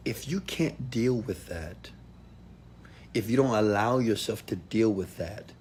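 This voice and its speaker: A man giving a motivational talk to an audience, preachy and direct, swinging from loud calls to hushed asides. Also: fairly low pitch, a little slow, a little hiss or hum. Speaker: motivational speaker.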